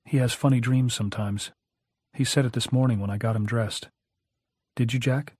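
A man's voice: mid-range voice, fairly even intonation, moderate pace, darkish tone, husky, no room sound, studio quality, close to an everyday voice. A man voicing an anxious young mother who questions her husband in an abrupt, probing way. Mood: worried.

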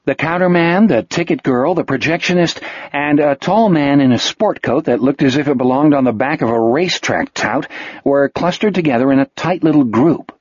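A man narrating an audiobook in an expressive, vivid storytelling manner. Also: a little high, moderate pace, dry recording. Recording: dull lo-fi dry recording.

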